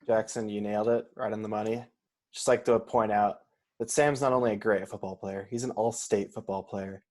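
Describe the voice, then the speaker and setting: A man's voice: lowish voice, fairly even intonation, a little fast, darkish tone. A man joining a casual podcast chat, speaking confidently and emphatically.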